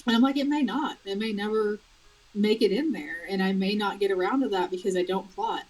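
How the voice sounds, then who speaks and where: A young adult woman, an author, chatting in a casual interview, animated and quick to laugh. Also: medium pitch, low-quality recording. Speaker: author guest.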